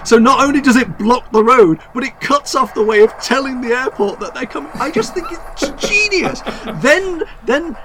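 A man's voice: extremely high pitch, lively intonation, normal speed, hardly any pauses, a crowd in the background. A man enthusing about a film in casual conversation, rambling with restarts and laughs.

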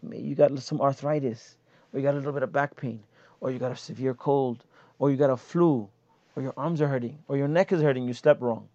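A man giving a casual, animated religious lesson, explaining hadith and acting out everyday complaints. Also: medium pitch, fairly quick, no room sound. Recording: dull lo-fi sound.

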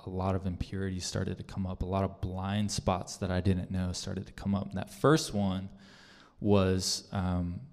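Earnest low-voiced man, echoing hall. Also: completely flat delivery, moderate pace, darkish tone. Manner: conversational and earnest, many fillers and restarts. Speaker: speaker sharing a testimony. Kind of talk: personal testimony sermon. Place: church hall with audience. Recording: long reverb of a large hall.

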